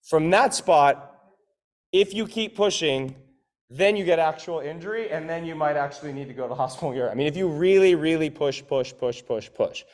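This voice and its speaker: A man's voice: a little high, brisk. Casual, swearing man coaching a gym class. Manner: conversational, swears casually, acts out inner voices.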